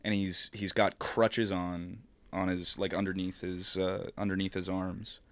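A young man with a very low, deep voice tells a rambling story on a casual podcast. He swears freely, strings thoughts together with "like", and trails off mid-sentence before picking the thread back up. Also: little pitch movement, a little slow, a bit bright. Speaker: podcast co-host telling a story.

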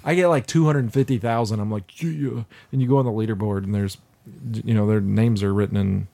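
A man's voice: fairly low pitch, fairly even intonation, fairly quick, vocal fry, dark tone. A man casually chatting on a podcast, tasting a beer and rambling with jokes and frequent laughter. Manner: joking, rambling, laughs often. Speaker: podcast co-host.

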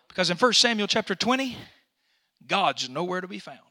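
A male pastor preaching a sermon in a church, punctuating phrases with 'uh' and building up to shouting. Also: high-pitched, very animated, brisk. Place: church sanctuary during a service.

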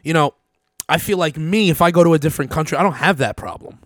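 A man's voice: fairly high pitch, fast, a bit bright, no room sound. A young man co-hosting a casual podcast, brash and crude, teasing the others into a studio mic. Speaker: podcast co-host.

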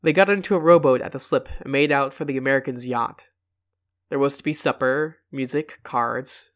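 A man reads a short story aloud at a mid-range pitch. He narrates steadily and lifts the quoted lines with extra emphasis. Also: normal speed. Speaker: reader.

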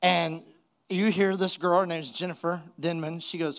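A man, a pastor, preaching a sermon and telling a funny story in an animated way, laughing at his own jokes. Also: fairly high pitch, normal speed, gravelly, slight background noise. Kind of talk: sermon with a humorous personal story.

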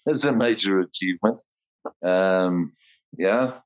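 A man's voice: low voice, slow pace, poor audio. A man, co-hosting a podcast in casual chat, rambling and heartfelt, with frequent laughs and restarts. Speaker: podcast co-host.

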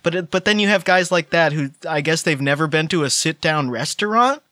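Male podcast co-host: slightly high and sharply bright, wry and hedging. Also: lively intonation, brisk, no room sound. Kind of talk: casual podcast banter.

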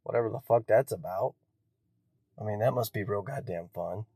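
A man's voice: lowish voice, moderate pace, dark tone, slightly rough, no echo, studio quality. A man hosting a solo podcast, ranting in a bitter, profane, self-lacerating way, rambling with many restarts. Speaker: podcast host. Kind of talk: solo rant.

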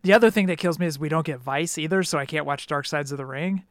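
A man's voice: fairly high pitch, quick pace, a bit bright, no echo, studio quality. A man co-hosting a podcast, chatting in a laid-back way about collectibles and TV. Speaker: podcast co-host. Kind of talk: casual chat.

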